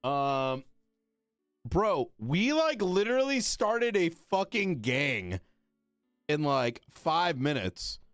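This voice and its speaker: A young man role-playing a bossy gang leader in a game, talking fast with casual swearing. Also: on the high side, big pitch swings, fairly bright tone, no room sound, clean studio sound, faint music behind. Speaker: streamer playing a gang boss. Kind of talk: in-character role-play and casual outro.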